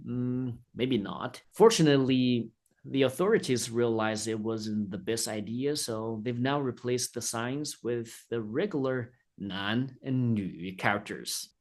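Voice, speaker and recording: A man from China teaching a casual online Chinese lesson in a chatty, friendly way, slowing down to say the Chinese words. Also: medium pitch.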